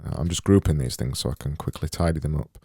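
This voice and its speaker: A man with a deep, mellow, husky voice thinks aloud during a livestream of his design work, talking slowly, muttering to himself, and often mocking himself. The sound is close and dry.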